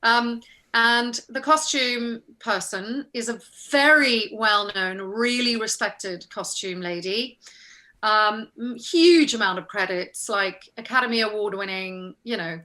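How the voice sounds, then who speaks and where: Bright-voiced woman telling a story. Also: a little high, slow pace. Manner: animated storytelling, acting out quoted voices. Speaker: actress, interview guest. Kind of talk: casual anecdote in an interview.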